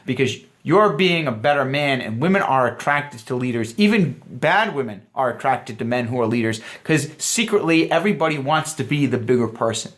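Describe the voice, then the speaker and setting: A man's voice: mid-range voice, lively intonation, normal speed, few pauses, fairly bright tone. A man giving earnest, emphatic dating advice straight to camera, talking to viewers as guys. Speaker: dating coach. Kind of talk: direct-to-camera coaching talk.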